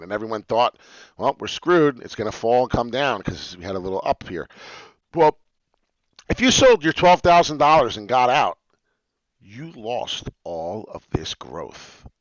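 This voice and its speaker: A man streaming live to his followers, excitedly walking them through crypto price charts in casual talk. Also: on the low side, no room sound. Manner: excitable, talks straight to followers. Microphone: webcam mic, seen on stream. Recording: dull lo-fi dry stream audio.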